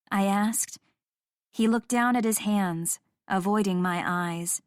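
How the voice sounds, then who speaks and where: Brief: female romance audiobook narrator, middle pitch, dry studio sound. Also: slow, no echo.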